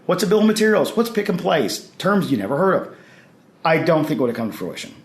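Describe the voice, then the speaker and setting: A man's voice: a little high, big pitch swings, fast. Rambling man in an echoey room. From Mississippi, US. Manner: rambling, many restarts and fillers. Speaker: podcast guest. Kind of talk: casual interview chat. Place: expo hall.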